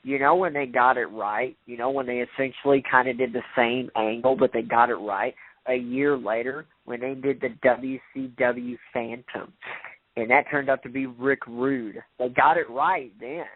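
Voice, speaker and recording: A man's voice: medium pitch, fairly even intonation, normal speed, no echo. A man co-hosting a casual radio talk show, telling stories in a rambling way and correcting himself as he goes. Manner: rambling, self-correcting storyteller. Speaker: podcast co-host. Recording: tinny phone-like radio audio.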